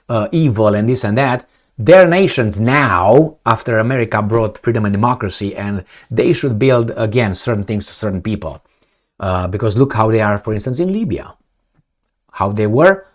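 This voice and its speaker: Animated, rambling male vlogger. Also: fairly low pitch. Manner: animated, rambling, sarcastic, swears. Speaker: political commentary vlogger. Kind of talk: casual rambling commentary.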